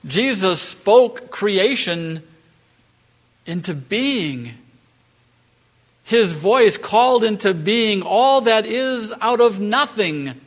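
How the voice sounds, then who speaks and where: High-voiced preacher, slow and emphatic. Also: male voice, animated. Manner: emphatic, rhetorical questions, rising on key phrases. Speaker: pastor. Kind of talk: sermon. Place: church.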